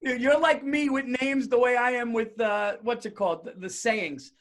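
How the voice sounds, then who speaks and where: A man hosting a casual podcast chat, telling stories sheepishly and often dropping to a hushed voice. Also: very high-pitched, fairly even intonation, moderate pace. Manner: sheepish storyteller, drops to a hushed voice. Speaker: podcast host.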